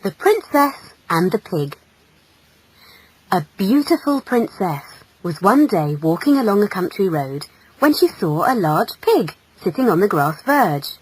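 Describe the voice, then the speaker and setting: Woman reading kids stories, unhurried, husky, lots of lilt. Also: mid-range voice, sing-song, poor audio. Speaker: audiobook narrator. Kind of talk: storybook narration.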